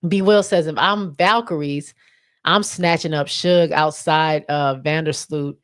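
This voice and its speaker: Woman, livestream host, lowish voice, casual chat, reads comments aloud, trips over names. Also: steady tone, a little slow, clean tone.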